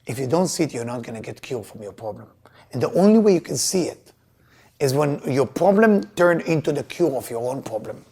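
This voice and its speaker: A man teaching Kabbalah to a live audience, telling personal stories in an emphatic, animated way with loose grammar. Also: mid-range voice, a little fast, vocal fry, husky. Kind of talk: lesson with personal storytelling.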